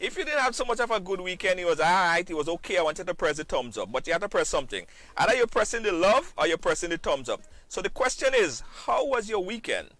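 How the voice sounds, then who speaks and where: A man hosting a live-stream talk show, animated, repeating phrases and breaking into sing-song shout-outs to viewers. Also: high-pitched, fast, hardly any pauses, dry recording. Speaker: host.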